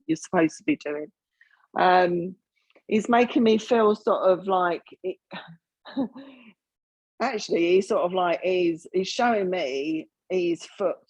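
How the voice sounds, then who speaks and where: A woman serving as a spiritualist medium speaks in a low, husky voice. She talks in a halting, earnest way, full of fillers and restarts as she gives her reading. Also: a little mellow.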